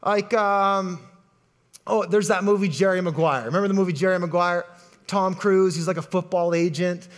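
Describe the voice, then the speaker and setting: Casual middle-aged male pastor, very high voice, animated sermon delivery that repeats words as it builds. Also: moderate pace.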